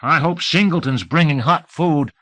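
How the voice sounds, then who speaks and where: Un homme faisant un jeune adjoint geignard à voix aiguë. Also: male voice, fairly high pitch, pushed and bright, voice pushed up. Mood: whiny. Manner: whining, drawn-out. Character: whiny, cold, hungry young male deputy.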